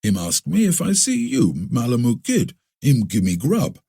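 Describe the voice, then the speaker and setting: A man's voice: mid-range voice, huge pitch swings, normal speed, gravelly, dark tone, husky, pitched above the performer's own voice, full character voice. A man voicing a taciturn, mysterious stranger from the far north who speaks in clipped, broken English. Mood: terse.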